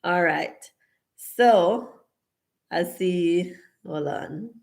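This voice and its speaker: A woman's voice: on the low side, drawn-out words, vocal fry, darkish tone. A woman hosting a live-stream game. She reads viewer comments aloud in a playful, casual way, slips into Patois and laughs often.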